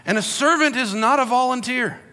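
A man's voice: very high voice, a little fast, pushed and bright. A middle-aged man preaching a sermon in a conversational, storytelling way, acting out quotes. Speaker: pastor. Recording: long hall reverb.

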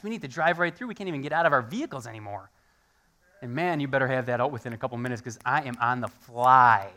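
Animated, bright-voiced male pastor. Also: medium pitch. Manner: animated storytelling, acts out quoted voices. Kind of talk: conversational sermon.

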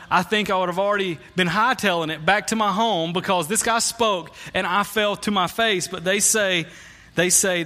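A man's voice: high-pitched, bright, forceful tone. A man preaching a sermon in a conversational, storytelling way, often restarting his phrases as he speaks to a church congregation. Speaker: pastor.

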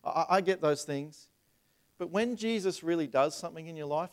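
A man's voice: on the high side, fairly quick. A man preaching a sermon as a pastor, asking the room rhetorical questions and stumbling over repeated words. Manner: acts out voices in retold scenes.

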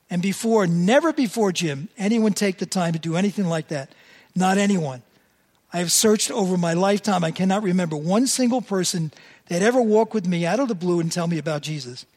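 An older man in his seventies delivers a sermon like a chat with his congregation. He tells stories and puts a lift into quoted lines. His voice sits somewhat higher than most men's. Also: a little mellow. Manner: conversational storytelling, voices quotes animatedly. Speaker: preacher.

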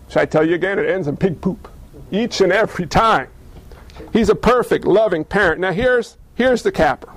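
A man preaching a sermon in a folksy, animated, conversational way, often acting out the voices of the people in his stories. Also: high voice, no room sound.

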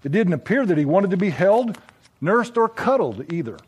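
A man narrating a scripted story in a reflective, measured, gently wry way. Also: sits high, very animated, slightly rough.

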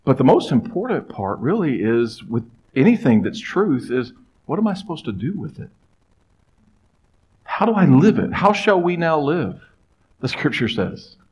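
A middle-aged man preaching a sermon as pastor, conversational and emphatic, with pauses and stressed phrases. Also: a little high, very animated, darkish tone, slight background noise, rough recording.

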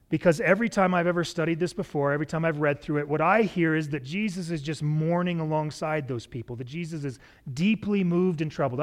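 A man preaching a sermon, expressive and shifting his pace, acting out the lines he quotes. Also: on the high side. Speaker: pastor.

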